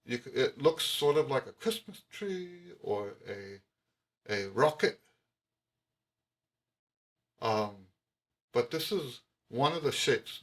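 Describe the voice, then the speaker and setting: A man teaching jazz trumpet to camera, emphatic, repeating his key points with frequent restarts. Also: medium pitch. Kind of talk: explaining music to camera.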